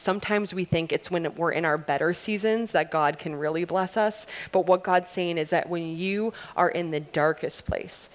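A woman delivering an earnest devotional sermon to women, slowing and softening her voice for emphasis. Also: lowish voice. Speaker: women's ministry speaker.

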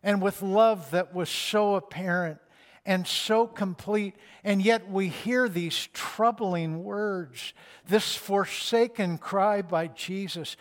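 Slow, high-voiced male preacher. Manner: slow, deliberate delivery with emphatic rises. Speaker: pastor. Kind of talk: sermon, scripture reading then preaching.

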